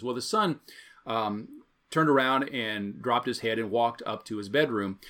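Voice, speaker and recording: A man's voice: mid-range voice, animated, moderate pace, sharp tone. A man, a pastor, preaching an evening sermon in a conversational, storytelling way, repeating his key phrases.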